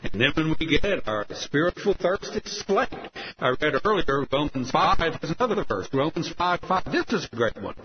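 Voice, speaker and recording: A male preacher giving a radio sermon, emphatic and earnest, often dropping to a soft, tender hush, on a lo-fi broadcast recording with hiss. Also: on the high side, very animated, moderate pace.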